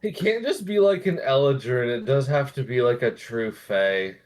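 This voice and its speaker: A man's voice: mid-range voice, animated, moderate pace. A young man playing a character in a tabletop game, chatting casually, swearing and poking fun at himself. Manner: swears casually, self-mocking. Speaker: player.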